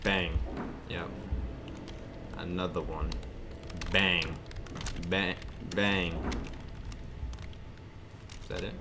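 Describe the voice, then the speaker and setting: A man's voice: low-pitched, little pitch movement, extremely slow, long pauses, background noise. A man hosting his own gaming channel, giving casual let's-play commentary and joking back at the game's characters. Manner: jokey, talks back to game characters. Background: game music.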